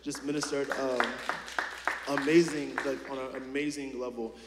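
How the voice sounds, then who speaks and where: A man's voice: medium pitch, level tone, moderate pace, a loud crowd, very noisy. A man preaching a sermon in a casual, chatty way, full of fillers and restarts and questions put straight to the congregation. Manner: talks directly to the congregation with questions. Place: church hall. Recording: echoey hall with long reverb.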